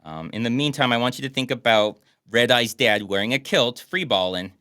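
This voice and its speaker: A man's voice: medium pitch, lively intonation, fairly quick, bright, forceful tone, smooth, no room sound, studio quality. A man co-hosting a casual podcast, bantering and joking about a movie. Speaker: podcast co-host. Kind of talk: casual chat.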